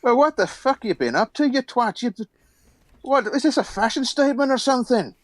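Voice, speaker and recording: A man's voice: very high-pitched, animated, fairly quick, no room sound, voice pushed up. A man voicing a grizzled, crude old male dwarf with a Scottish accent who curses and insults constantly. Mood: mocking. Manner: cursing, insulting.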